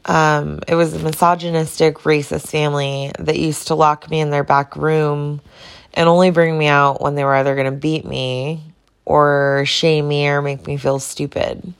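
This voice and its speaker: A woman with a notably low voice, speaking her mind in an unscripted solo vlog. She is blunt and outspoken and swears without holding back. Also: little pitch movement, normal speed, smooth. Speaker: vlogger. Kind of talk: casual personal monologue to camera.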